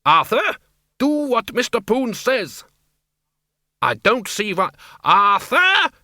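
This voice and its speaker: A man voicing a bossy vampire countess who snaps orders at her husband in a shrill, lifted voice. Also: sing-song, slow, pushed and bright, no room sound, clean studio sound, heavily acted. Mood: commanding. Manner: bossy, commanding. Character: shrill imperious vampire countess, middle-aged woman.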